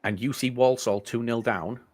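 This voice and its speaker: A man's voice: mid-range voice, moderate pace, dry recording. Man chatting football, dry close sound. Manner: rambling, restarts often, animated storytelling. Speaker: podcast co-host. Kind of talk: casual football chat.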